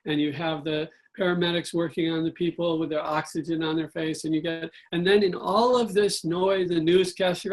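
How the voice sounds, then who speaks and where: A man giving a spiritual talk about money, telling stories with animated acted-out quotes. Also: high voice, a little fast, hardly any pauses. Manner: animated storyteller, acts out quotes. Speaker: guest speaker.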